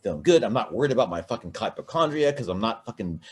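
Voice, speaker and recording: Man, lower voice, casual podcast co-host, rambling and profane. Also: sing-song, fast talker, slightly rough. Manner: rambling, profane, many restarts. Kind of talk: casual drunken chat.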